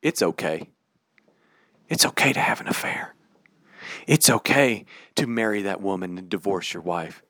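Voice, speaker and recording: A man voicing a smooth-talking pastor who soothingly approves of wrongdoing. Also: deep voice, expressive, normal speed, pauses often, sharp tone, no echo, clean studio sound, voice pushed down, heavily acted. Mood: coaxing.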